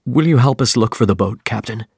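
A man's voice: medium pitch, expressive, fairly quick, a little mellow, husky, dry recording, clean studio sound. A man voicing a shaken sea captain who tells of losing a boat. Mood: pleading. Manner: urgent storytelling, shaken.

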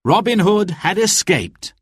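A man narrating a storybook slowly and carefully, his pitch swinging widely to bring the story to life. His voice is a little husky. The recording is close and dry, with no room sound. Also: dry recording. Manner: expressive, with clear, careful delivery.

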